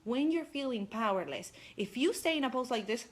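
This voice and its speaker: A young woman life coach gives an energetic, chatty motivational talk on a live stream, addressing her viewers directly. Her voice is a little high and a little fast.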